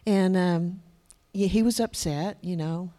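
Soft-spoken woman sharing a testimony. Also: on the low side. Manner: soft, reflective, hesitant. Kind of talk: personal testimony.

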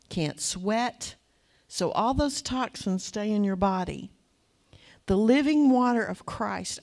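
A woman with a fairly high voice preaches a sermon in a conversational, animated style, acting out little asides to the congregation.

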